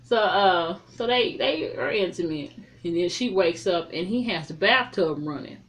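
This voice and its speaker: A woman giving a casual, chatty spoken recap of a film. She retells the scenes in an animated way and swears freely. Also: on the low side, moderate pace. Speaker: film reviewer.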